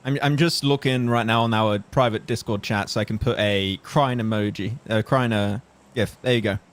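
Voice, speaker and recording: A man's voice: fairly low pitch, fairly even intonation, normal speed. Male esports caster from France, English with a slight French tinge, self-mocking and easily amused. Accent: English with a faint French tinge. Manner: laughing, self-deprecating, slightly flustered. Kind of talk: live esports commentary with playful banter.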